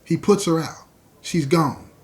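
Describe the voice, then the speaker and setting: Male podcast host, a touch high in pitch, tells a story with animated, chatty delivery. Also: takes it slowly. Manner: animated, conversational retelling, addresses listeners directly.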